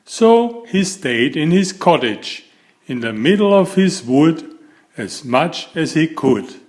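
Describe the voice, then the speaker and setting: A man reads a children's picture book aloud at a very slow, deliberate pace. His voice swoops up and down with lively expression as he draws the young listener in playfully. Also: fairly high pitch. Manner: animated, drawn-out, playful to children. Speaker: storybook reader.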